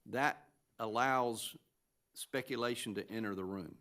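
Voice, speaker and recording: A man serving as an appellate justice, questioning counsel from the bench in a halting, measured way, with many fillers and restarts. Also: mid-range voice, pushed and bright. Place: appeals courtroom.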